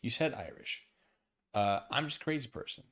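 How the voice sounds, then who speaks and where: A man's voice: mid-range voice, moderate pace, a bit bright. A man streaming from his living room, chatting casually and reading chat aloud, rambling and self-deprecating.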